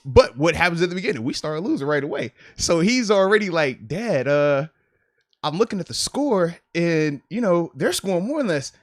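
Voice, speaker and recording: A man's voice: a little high, very animated, moderate pace, dry recording, clean studio sound. A man in his thirties hosting a podcast, telling a family story in casual chat, often laughing. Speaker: podcast host, former player.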